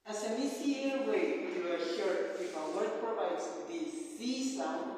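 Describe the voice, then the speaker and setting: A young man playing a teacher in a scripted classroom role-play, explaining slowly and deliberately. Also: high-pitched, animated, a little mellow, slight background noise. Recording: echoey hall, far from mic.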